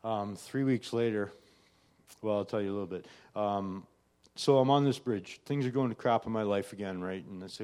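A man's voice: fairly low pitch, moderate pace, warm tone, clean tone. A middle-aged man giving a personal faith testimony in a conversational way, often adding "right?" and "you know". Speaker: testimony speaker.

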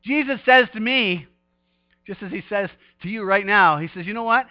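Male pastor, high voice, fervent sermon delivery, dry muffled sound. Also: moderate pace, dry recording. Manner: fervent, swings from hushed to shouting praise.

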